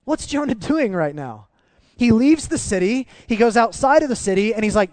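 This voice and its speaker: Animated, high-voiced male preacher. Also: normal speed, dry recording. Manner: animated, emphatic preaching with repeated restarts. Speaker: pastor. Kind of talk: sermon.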